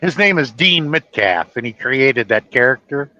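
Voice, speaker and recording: A man's voice: medium pitch, lively intonation, moderate pace, bright, forceful tone, lo-fi sound. A man hosting a live stream in casual chat, telling anecdotes and laughing often. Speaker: host.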